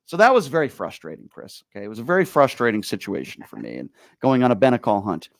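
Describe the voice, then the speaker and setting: A man hosting a talk radio show, telling stories in an animated, exasperated way. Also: medium pitch, fast talker, vocal fry, no room sound, clean studio sound. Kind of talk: casual talk radio chat.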